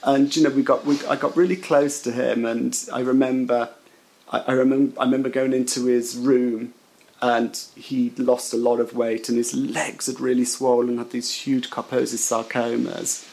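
A man recounting a personal memory in halting, emotional storytelling, with frequent restarts. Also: medium pitch, level tone, creaky, darkish tone, rough recording. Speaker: interviewee. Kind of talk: personal recollection.

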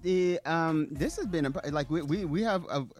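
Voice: medium pitch, normal speed, a little mellow. A podcast co-host in casual chat, agreeable and affirming.

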